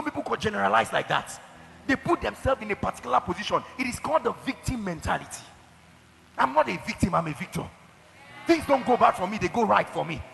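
A man preaching a sermon, emphatic, with shouted declarations and acted-out quotes to his church. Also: high voice, creaky. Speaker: pastor. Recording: hall reverb.

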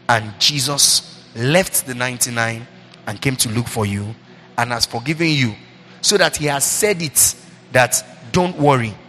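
A middle-aged man, a pastor, preaching a sermon into a handheld mic, repeating himself and breaking into lively asides. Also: on the high side, slight background noise. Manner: preaching, repetitive, animated asides. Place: church hall. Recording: reverberant hall with faint ambience.

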